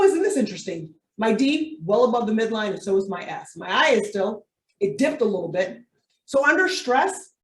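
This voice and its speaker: A woman coach presents to a live room, animated and playful. Her voice sits a little high. She is caught from a distance in an echoey space. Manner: animated and playful, with comic asides. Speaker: workshop coach.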